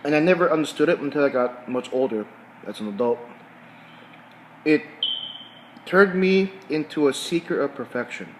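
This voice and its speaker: A man's voice: on the high side, lively intonation, normal speed, pauses often, a little hiss or hum, poor audio. A middle-aged man talking casually in a vlog while eating, often repeating words and restarting phrases as he tells a story. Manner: talks while chewing food. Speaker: vlogger.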